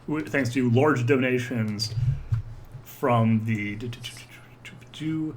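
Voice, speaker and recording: A man's voice: mid-range voice, measured pace, a little hiss or hum. A man running a tabletop role-play as game master, narrating with many fillers and restarts.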